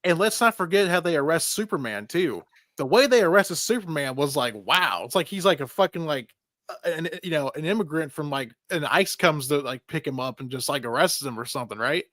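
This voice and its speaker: A man's voice: fairly high pitch, brisk, no echo, clean studio sound. A man co-hosting a casual movie review podcast, swearing freely and putting on mocking voices. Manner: profane, animated, does mocking voices. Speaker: podcast co-host.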